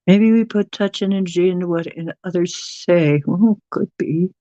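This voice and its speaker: A livestream host chatting casually and at length, reading viewers' messages aloud and cooing softly at pets. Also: mid-range voice, normal speed, no room sound. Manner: rambling, chatty, reads chat aloud.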